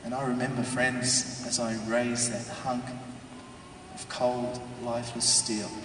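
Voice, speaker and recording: A man tells his story from a stage in a large hall, his voice bouncing around the room with a long reverb. He is heard from a distance, with faint ambience behind him. He tells it with strong feeling, dropping low and then bursting out loud. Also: monotone, unhurried, noisy background. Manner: emotional storytelling, swinging from hushed to shouting. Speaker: speaker giving a testimony. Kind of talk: dramatic testimony to an audience. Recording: echoey hall from far off.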